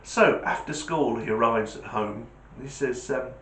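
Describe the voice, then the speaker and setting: A man, hosting a comedy channel and telling jokes in an animated, punchy way. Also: medium pitch, normal speed, few pauses. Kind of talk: joke telling. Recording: echoey room.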